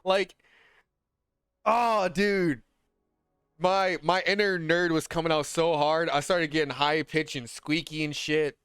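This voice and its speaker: A man ranting in casual, slangy talk as a gaming content creator, heated and animated, swearing freely. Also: on the high side, smooth, dry recording.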